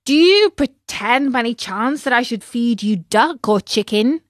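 A woman's voice: a little high, measured pace, fairly bright tone, no echo, studio quality. A woman voicing an angry, bullying circus owner who talks in a harsh, scolding way.

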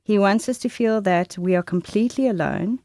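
A woman in her thirties speaking in a candid, conversational Christian talk, often laughing and quoting herself with animated bursts. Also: medium pitch, brisk, dry recording, clean studio sound. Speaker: guest speaker.

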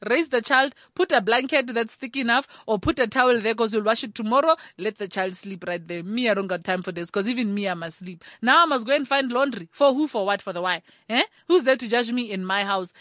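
A South African woman, a mother of several children, doing a sassy, animated comic rant full of rhetorical asides. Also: a little high, dry recording, studio quality.

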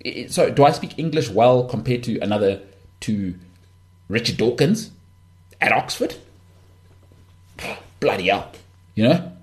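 A man's voice: medium pitch, animated, a little slow, long pauses. A man with a Johannesburg northern suburbs South African accent, hosting a podcast in a blunt, rambling, candid rant full of restarts and asides. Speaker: podcast host.

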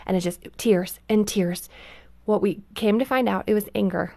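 A woman who is a parent talking earnestly about raising her children, animated and chatty. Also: medium pitch, normal speed, no echo. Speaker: guest, parent. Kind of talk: casual radio talk.

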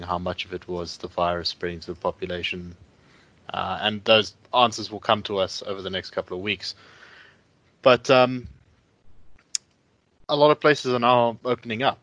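Low, bright-voiced man, hesitant. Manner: thoughtful, hesitant, many fillers. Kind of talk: casual discussion.

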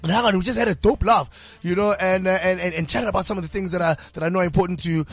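A man hosting a podcast in a studio, talking in an energetic, slangy, rambling way. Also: high voice, rapid-fire, breathy edge, no room sound, faint music behind. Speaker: podcast host. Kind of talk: casual podcast chat. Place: radio studio.

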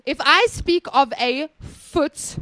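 Woman, fairly high voice, dry recording, casual group chat, patient explanations. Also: takes it slowly, pushed and bright, no room sound. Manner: explains patiently, reads quotes with stress. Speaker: co-host. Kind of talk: casual group chat, reading examples aloud.

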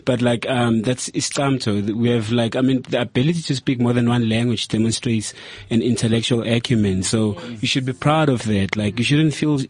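A man's voice: mid-range voice, moderate pace, hardly any pauses, slightly rough. A man from South Africa, an artist, speaking earnestly in a group discussion. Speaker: artist and writer.

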